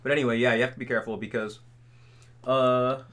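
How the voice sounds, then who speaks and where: Here the streamer is a fast talker, keeping a steady tone in a medium, slightly bright voice. He's a young man casually answering chat questions on a livestream, his speech loose and full of fillers and "like"s.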